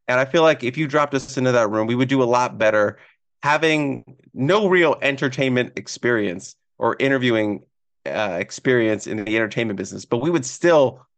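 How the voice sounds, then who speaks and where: A man hosting a casual sports podcast, talking in an excitable, rambling way with a hoarse, strained voice. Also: medium pitch, no echo. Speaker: podcast host.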